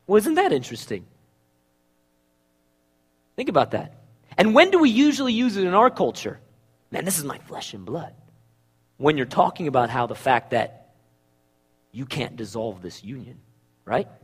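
A man preaching a sermon, asking the congregation rhetorical questions and swinging from loud emphasis to hushed words. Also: high voice, slightly rough.

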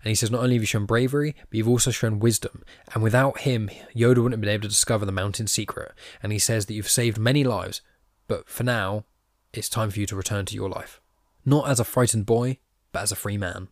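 Chatty low-voiced man recapping comics. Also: fairly even intonation, quick pace, dry recording, studio quality. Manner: chatty, self-deprecating, reads quoted lines aloud in his own voice. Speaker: podcast host. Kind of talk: casual comic recap podcast.

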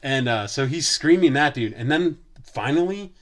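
A man's voice: medium pitch, lively intonation, moderate pace. Profane, rambling man telling a story. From Wisconsin. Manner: profane, rambling, lots of filler words. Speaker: podcast host. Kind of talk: casual storytelling chat.

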